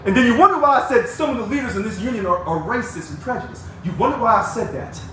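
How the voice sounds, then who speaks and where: A man's voice: very high voice, expressive, fast talker, a bit bright. An angry man giving a combative, preachy video rant to union members, calling people out and taunting them. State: angry, fired up. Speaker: union activist addressing members. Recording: echoey, distant mic with faint noise.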